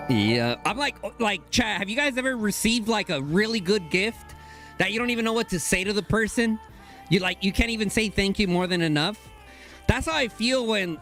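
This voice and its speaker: A young man streaming a game live, talking to his chat in casual slang and bursting into excited high exclamations.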